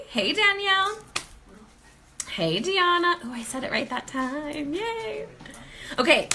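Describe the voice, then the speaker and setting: A woman's voice: sits high, very animated, slow pace, pauses often, bright, forceful tone, slight background noise. A woman from Colorado hosting a casual live stream from home, greeting viewers by name and laughing often. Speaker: host of a live sales stream. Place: home, near the kitchen.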